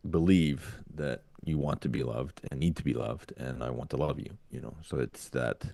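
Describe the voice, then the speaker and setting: A man's voice: rumbling low, normal speed, creaky, dark tone, no room sound. A man co-hosting a podcast about fatherhood, thinking aloud in a thoughtful, searching way. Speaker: podcast co-host. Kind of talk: reflective casual conversation.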